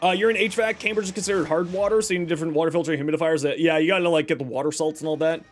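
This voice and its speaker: Chatty Canadian man, fairly high voice. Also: fairly even intonation, rapid-fire, faint music behind. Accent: Canadian English. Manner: rambling, chatty, self-correcting storyteller. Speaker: streamer reading chat. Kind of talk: casual live-stream chat.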